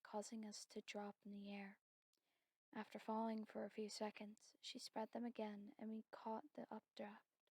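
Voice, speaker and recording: A woman narrating her own story in a soft, steady whispered role-play. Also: medium pitch, no echo, poor audio.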